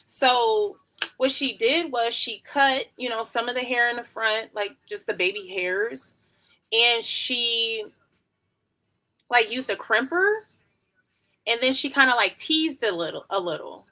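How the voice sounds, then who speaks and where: A woman in her thirties talks through a wig install on a live stream from home. Her voice is bright and forward, and she rambles casually with plenty of slang and easy laughter. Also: fairly high pitch, measured pace. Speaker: beauty livestreamer.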